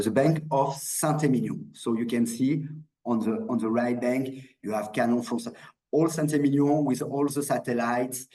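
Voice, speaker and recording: A man's voice: mid-range voice, dark tone, echoey room, rough recording. A man with a French accent giving an online wine presentation, hesitant, with many restarts and fillers. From France. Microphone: video call.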